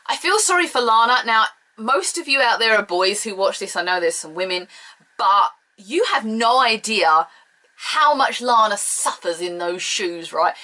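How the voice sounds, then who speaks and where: A woman's voice: on the high side, animated, moderate pace, pushed and bright, low-quality recording. A British woman from the UK giving a casual solo review, blunt, sarcastic and opinionated. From United Kingdom. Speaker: show reviewer.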